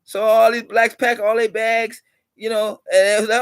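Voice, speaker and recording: High pitched guy preaching at the camera, says stuff over and over, dry close sound. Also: flat delivery, normal speed, smooth, dry recording. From United States. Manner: preachy, repeats points for emphasis; tells allegorical stories. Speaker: channel host. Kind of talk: motivational vlog talk.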